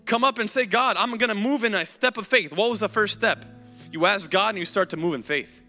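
A man's voice: high-pitched, a little fast. A man preaching a sermon and giving an altar call, earnest and pleading, with repeated invitations to come up. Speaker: pastor. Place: church sanctuary. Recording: hall reverb, music playing softly behind.

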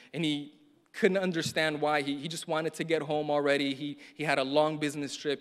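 A man's voice: on the high side, fairly bright tone. A man preaching a sermon in an earnest way, often repeating words and building to emphatic stresses. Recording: long hall reverb.

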